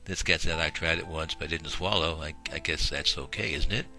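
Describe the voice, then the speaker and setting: A man voicing a sheepish male cat who is high on catnip, talking in a folksy, hesitant way. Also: normal speed, pushed and bright, heavily acted. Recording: music playing behind.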